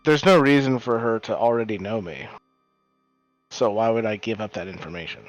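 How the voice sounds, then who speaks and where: A man's voice: fairly low pitch, moderate pace, soft background music, rough recording. A man playing a tabletop game who argues his point stubbornly. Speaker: player. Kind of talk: tabletop game play, casual chat.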